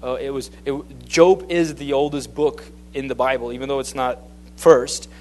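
A man's voice: medium pitch, fairly even intonation, normal speed, a little hiss or hum. A man preaching a sermon, talking off the cuff and often stopping to restart or repeat words.

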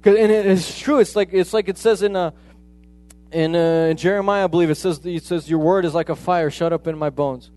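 Higher-voiced man preaching casually. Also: fairly even intonation, brisk, a little mellow. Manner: conversational, retells exchanges in quoted dialogue. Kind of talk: sermon.

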